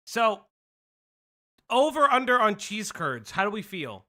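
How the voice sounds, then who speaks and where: A man hosting a live stream, chatting casually and teasing with quick questions and frequent laughter. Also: high-pitched, very animated, pushed and bright. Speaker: stream host.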